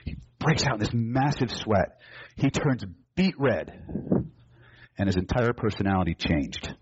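A man's voice: lowish voice, very animated, normal speed, long pauses, lo-fi sound, noisy background. A man teaching a live seminar, telling a story and acting out both sides of the dialogue, to a room of students. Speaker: hypnosis and NLP trainer.

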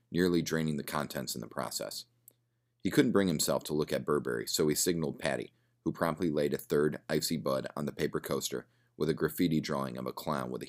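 A man reading a story aloud in plain, steady narration. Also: extremely low pitch.

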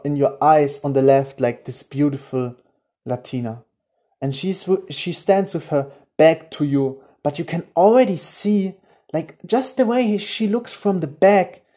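Mellow-voiced German man hosting a podcast. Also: on the high side. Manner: enthusiastic, swears casually, drops to a hushed voice while visualizing. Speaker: podcast host. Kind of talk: motivational monologue with guided visualization.

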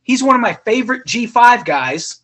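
A man's voice: very high-pitched, sing-song, moderate pace, fairly bright tone. Dry, matter-of-fact podcast man. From Ohio. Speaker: podcast co-host. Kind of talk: casual podcast chat.

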